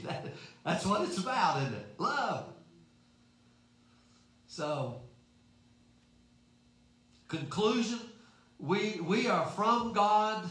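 A man's voice: sits high, a bit bright. A man preaching a sermon in a folksy, emphatic way, asking rhetorical questions. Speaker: pastor. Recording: very echoey room.

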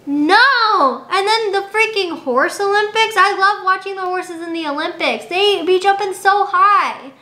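High bright chatty young woman. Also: unhurried, hardly any pauses. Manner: chatty, dramatic, giggly. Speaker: vlogger. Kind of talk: casual chat to camera. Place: indoors at home. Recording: roomy home recording.

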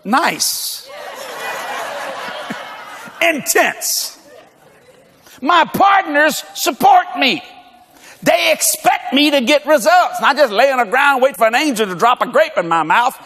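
An older man preaches in a high, swooping voice that jumps all over the place, acting out his stories and laughing through them. His voice rings out with a long echo through a big church hall. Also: animated, slow, pauses often, sharp tone, slight background noise. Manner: storytelling with acted dialogue and frequent laughter. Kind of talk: animated comedic sermon. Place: large church auditorium.

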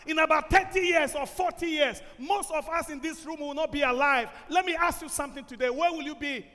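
A male pastor preaching a sermon in a church, impassioned and often shouting. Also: very high-pitched. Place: church sanctuary. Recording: long hall reverb.

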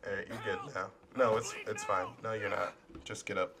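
A man's voice: fairly low pitch, expressive, moderate pace, long pauses, sharp tone, slight background noise. A young man casually commentating a video game as he plays, swearing often, cracking sarcastic jokes and talking back at the characters. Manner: profane, sarcastic, jokey. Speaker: gaming channel host. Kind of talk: casual let's play commentary.

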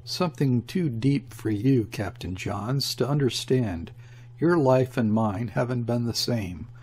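Man voicing a curt, gruff ship's mate for a storybook, husky-voiced, defiant. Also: medium pitch, unhurried, darkish tone.

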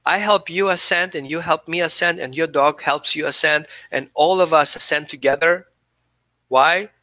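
A man's voice: fairly high pitch, normal speed, sharp tone, dry recording. A man who is a dog behaviorist, giving an earnest, coaching talk during a live Q&A and often repeating himself.

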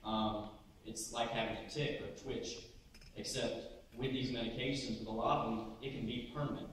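Brief: young man on a panel, candid, joking, quick talker; distant mic, booming hall echo. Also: steady tone, fairly bright tone, slight background noise. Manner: candid, joking, fast-talking. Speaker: student panelist. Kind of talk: lecture panel, personal stories. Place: large lecture hall. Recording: echoey hall, mic from far off.

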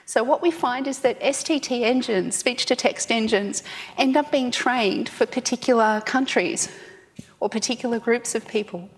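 A woman's voice: a little high, normal speed, big-room sound. An Australian woman giving a conference talk, chatty and joking with the audience. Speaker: conference speaker.

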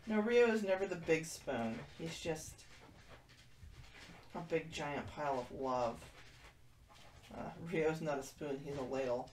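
A woman's voice: low voice, unhurried, pauses often, a little mellow. A woman hosting a casual livestream, chatting with viewers and cooing to kittens. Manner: chatty, talks to kittens and reads viewer comments. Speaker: livestream host. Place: room with kittens. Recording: roomy, distant mic, faint noise.

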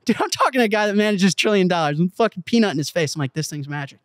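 A man as an interview guest, telling a story with excitable, profane emphasis in a casual way. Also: high voice, racing. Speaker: interview guest, company CEO. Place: Malibu.

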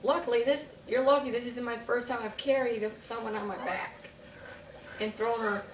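A woman's voice: on the high side, steady tone, moderate pace, close to an everyday voice. Cocky boy hero, as a woman puts him on. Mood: boastful. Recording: roomy distant mic with hiss.

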